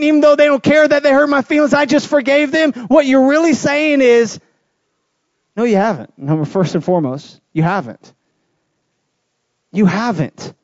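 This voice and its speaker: A man's voice: very high-pitched, darkish tone, muffled recording. A man preaching as pastor, emphatic and repeating key phrases as he builds his lists. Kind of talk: sermon.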